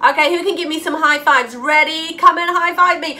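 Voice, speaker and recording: A woman's voice: very high voice, brisk, hardly any pauses, bright, forceful tone. A woman leading a toddler class, greeting the children and singing in a bubbly, playful, sing-song way.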